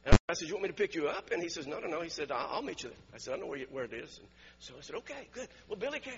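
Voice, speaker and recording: A man's voice: a little high, big pitch swings, rapid-fire, in a large hall, muffled recording. A man preaching a sermon, telling stories with frequent chuckles and repeated words. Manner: storytelling, laughs often, repeats words. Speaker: pastor.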